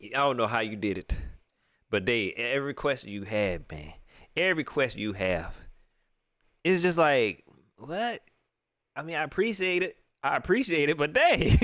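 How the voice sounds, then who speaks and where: A man's voice: mid-range voice, normal speed, no room sound, studio quality. A man hosting a live reaction stream, mocking and laughing as he comments on a clip. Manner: animated, laughing, mocking banter. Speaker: livestream host.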